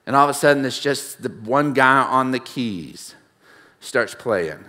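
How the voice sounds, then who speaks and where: Animated sounding preacher man. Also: mid-range voice, a little slow, big-room sound. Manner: storytelling, animated, swings loud and soft. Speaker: pastor. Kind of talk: sermon. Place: church sanctuary.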